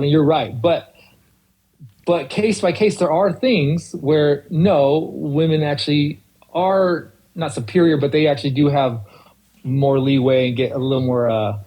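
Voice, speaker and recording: A man's voice: on the high side, unhurried, dark tone, poor audio. A man guesting on a podcast, chatting casually and ranting animatedly with acted-out quotes. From California. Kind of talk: casual chat.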